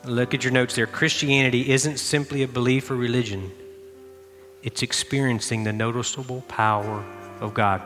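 A middle-aged man pastor preaching a sermon, telling a lively personal story with shouted bursts and then easing into quiet prayer. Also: mid-range voice, normal speed. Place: church sanctuary. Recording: long hall reverb with faint music.

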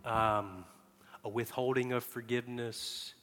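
A man preaching a sermon, telling personal stories and dropping from hushed, soft asides to loud, emphatic bursts. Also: medium pitch, flat delivery, measured pace, faint music behind. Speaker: pastor. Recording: long reverb of a large hall.

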